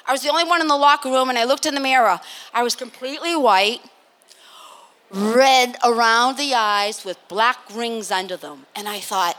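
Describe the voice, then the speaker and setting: An older woman from Massachusetts speaks as a panel guest at a live event, spinning a story with lots of laughter and acted-out quotes. Her voice sits high and sounds bright and forceful. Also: moderate pace. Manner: animated, laughing, acts out quotes. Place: live expo stage.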